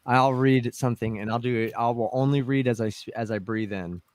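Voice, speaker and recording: A man chatting casually on a group video call, animated and laughing, swearing now and then. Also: medium pitch, brisk, no room sound.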